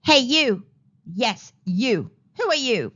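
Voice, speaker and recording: A woman doing loud angry little ants. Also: a little high, sing-song, slow pace, full character voice. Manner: loud and shouting. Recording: slightly dull lo-fi recording.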